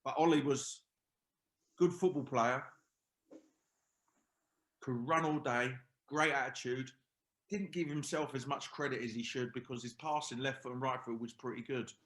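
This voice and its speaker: A middle-aged man, a former professional footballer, chats casually as a podcast guest and tells stories about his old teammates. He rambles through anecdotes, restarts sentences and drops into quoted asides, speaking at normal speed with long pauses. His voice sits at an ordinary male pitch, sounds a bit bright and carries a roomy echo.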